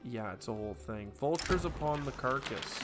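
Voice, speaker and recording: A man narrates his strategy game as he plays, switching between loud, excitable hype and low asides to himself. Game music plays clearly under his voice the whole time. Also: normal speed. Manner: excitable, hyped outbursts dropping to mutters. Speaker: let's play gamer. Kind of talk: gameplay commentary. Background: game background music.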